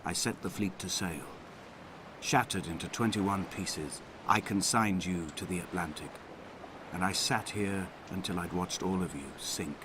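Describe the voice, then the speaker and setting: An actor voicing a grieving male narrator, reading letters aloud in a slow, mournful way over game music. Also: low-pitched, background noise.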